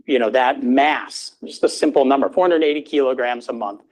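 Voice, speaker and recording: Halting middle-aged man lecturing. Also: medium pitch, a little mellow, rough recording. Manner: informal, halting, many fillers. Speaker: grand rounds speaker. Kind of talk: hospital lecture and Q&A. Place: hospital lecture room.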